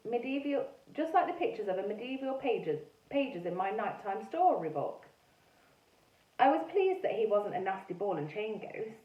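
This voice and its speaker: Animated woman reading a story aloud. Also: medium pitch. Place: classroom or school room. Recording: echoey room, mic far off, dull sound.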